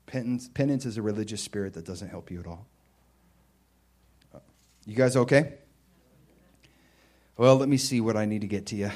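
A man preaching a sermon in a conversational way, with emphatic bursts and quieter stretches. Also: on the low side. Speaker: pastor.

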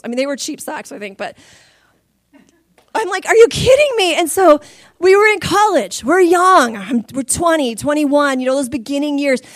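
Brief: high-pitched woman preacher, animated storyteller, dry close sound. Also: no room sound. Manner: animated storytelling, laughing and crying through stories. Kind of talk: sermon testimony.

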